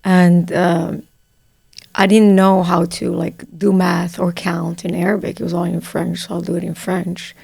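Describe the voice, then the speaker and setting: A woman host from Morocco, telling a personal story in a relaxed, unhurried way with fillers. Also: fairly low pitch, creaky, slightly rough, dry recording. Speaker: podcast host. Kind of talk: casual conversation.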